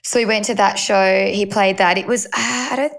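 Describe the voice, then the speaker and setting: A woman co-hosting a podcast, recounting her week in relaxed, teasing casual chat. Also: medium pitch, moderate pace, vocal fry. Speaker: podcast co-host.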